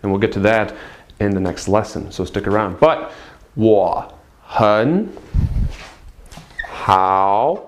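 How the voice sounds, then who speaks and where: Male teacher, slow deliberate delivery, drawn-out model words, chatty asides, whiteboard lesson. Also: lowish voice, lively intonation, slight background noise. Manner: slow, drawn-out model pronunciations between quick English explanations; spontaneous, chatty. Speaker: Chinese teacher. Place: classroom with a whiteboard.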